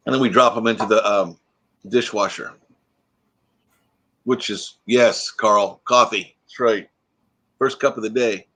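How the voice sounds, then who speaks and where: A man's voice: on the low side, unhurried, pauses often, pushed and bright, breathy edge. A man hosting a casual live stream, chatting loosely and answering viewer comments while still a bit groggy from waking up. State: groggy, freshly woken.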